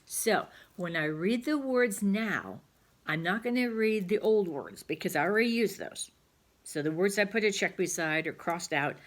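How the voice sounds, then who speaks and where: A woman teaching a phonics lesson to young children, patiently sounding out words aloud. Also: on the low side.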